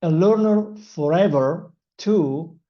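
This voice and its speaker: A non-native English speaker with an Italian accent gives an earnest motivational language lesson in short phrases, pausing on fillers. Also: medium pitch, lo-fi sound. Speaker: English-learning channel host.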